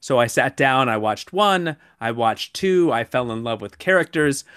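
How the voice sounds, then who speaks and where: A man's voice: medium pitch, normal speed, clear, resonant tone, no echo, studio quality. A man in his thirties co-hosting a podcast, telling a story in casual chat and getting worked up as he goes. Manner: animated storytelling, gets worked up. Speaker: podcast co-host.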